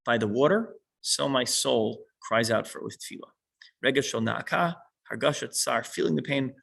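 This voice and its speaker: Gravelly husky male teacher. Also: mid-range voice, animated, moderate pace, fairly bright tone, rough recording. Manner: explanatory, reads a line then unpacks it. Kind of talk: explaining a text to a small class.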